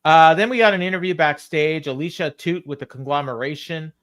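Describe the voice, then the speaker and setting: A man's voice: a little high, fairly quick, fairly bright tone. A man co-hosting a wrestling podcast, recapping the show in blunt, exasperated casual chat. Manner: blunt, exasperated, reads segments aloud with impressions. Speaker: podcast co-host.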